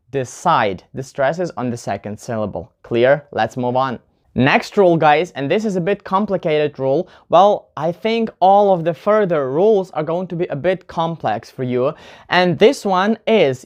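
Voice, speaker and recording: A man teaching a casual English pronunciation lesson, chatty, often calling his viewers "guys" and repeating example words slowly. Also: fairly high pitch.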